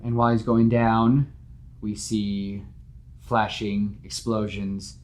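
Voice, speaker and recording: A man hosting a podcast, telling a story in casual, animated chat with lots of fillers. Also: on the low side, slow, slight background noise. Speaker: podcast host pitching a story.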